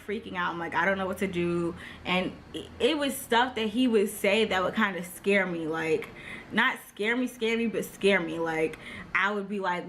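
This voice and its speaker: A young woman in her twenties talking casually in a storytime vlog, chatty, full of "like" and quick laughs. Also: lowish voice, fairly bright tone, slight background noise. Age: 20s. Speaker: vlogger.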